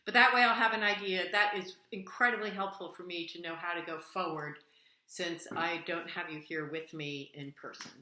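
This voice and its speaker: A woman's voice: fairly low pitch, steady tone, normal speed. A woman voice teacher giving a singing lesson over video, coaxing her student with pet names and sung demonstrations. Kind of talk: online singing lesson, demonstrating vocal exercises. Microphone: camera framed at chest height. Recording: echoey room with loud piano.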